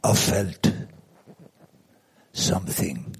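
Brief: a man doing a wistful old Catalan smoker, French accent, low, slow, half-whispered lines. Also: expressive, husky, full character voice. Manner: slow, hushed, deliberate phrasing.

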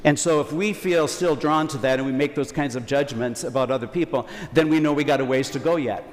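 A man's voice: medium pitch, fairly quick, big-room sound, a little hiss or hum. A man preaching a Sunday homily as a priest in a conversational, folksy way, acting out quotes.

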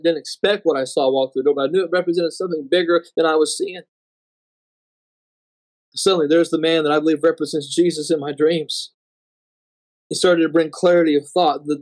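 Slow, dramatic man recounting a dream. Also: on the high side, a little mellow. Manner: halting, repeats words, dramatic slow emphasis. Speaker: dream narrator.

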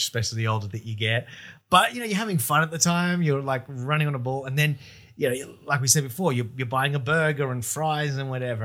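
A man's voice: medium pitch, bright, forceful tone. A man co-hosting a casual chat as a stand-up comedian, rambling, laughing often and swearing casually. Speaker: podcast co-host, stand-up comedian.

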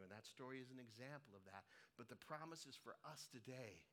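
Speaking a little fast with medium pitch, this middle-aged Colorado pastor delivers a sermon built on lively, humorous stories. He slips into acted-out voices as he goes, bringing his United States home state's warmth to the pulpit.

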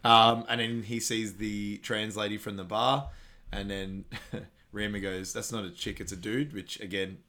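A man co-hosting a casual podcast, retelling movie scenes and acting out the lines in loud, high-pitched bursts between laughs. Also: steady tone, measured pace. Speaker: podcast co-host. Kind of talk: casual movie recap chat.

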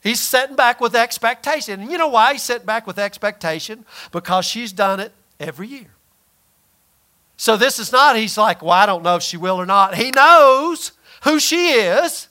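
A man's voice: high voice, sharp tone. A man preaching a sermon in a conversational, emphatic way, often acting out quoted voices.

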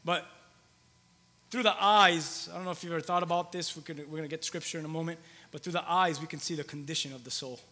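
A man's voice: a little high, fairly even intonation, racing, hardly any pauses, pushed and bright, big-room sound. A man in his thirties preaching a conversational sermon in a church, repeating phrases for emphasis. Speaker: pastor. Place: church hall with long reverb.

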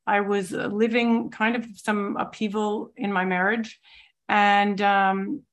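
A woman in her forties shares her recovery story in a program meeting. She talks in a reflective, searching way, at a middling pitch, and often stops to gather her thoughts with soft fillers. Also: flat delivery, slow pace. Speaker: twelve-step program member sharing her story. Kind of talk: personal recovery testimony.

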